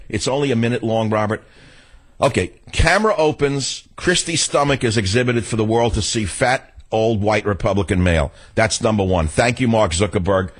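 A man's voice: lowish voice, husky. An older man hosting a political talk radio show, ranting in a combative, sarcastic way.

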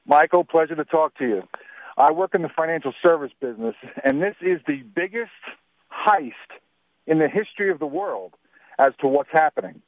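A man's voice: a little high, lively intonation, moderate pace, no room sound. A man calling in to a radio show, earnest and agreeable. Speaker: caller. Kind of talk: call-in radio. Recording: tinny phone line.

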